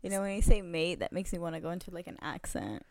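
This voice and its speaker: A woman's voice: fairly low pitch, expressive, fast talker, darkish tone, no room sound. A woman co-hosting a podcast in a bedroom, chatting casually in a teasing, playful way. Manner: teasing and playful, laughs often. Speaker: podcast co-host. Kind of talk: casual chat. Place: small bedroom.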